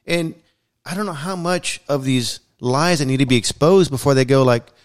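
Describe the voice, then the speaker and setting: A man's voice: mid-range voice, normal speed. A man hosting a casual podcast chat, talking bluntly and emphatically and swearing freely. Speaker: podcast host.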